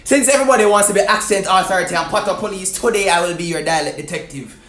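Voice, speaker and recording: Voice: medium pitch, fast talker, a bit bright, roomy sound. A person playing a teasing, mock-stern dialect quizmaster. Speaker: tiktok creator. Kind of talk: comic quiz skit.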